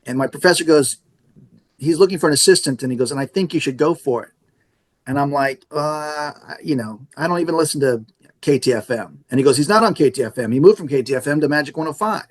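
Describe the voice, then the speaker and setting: Speaking fast in a slightly high voice, this middle-aged man manages a radio station and hails from around San Antonio, Texas. In a relaxed interview he spins stories, animatedly performing each character's lines.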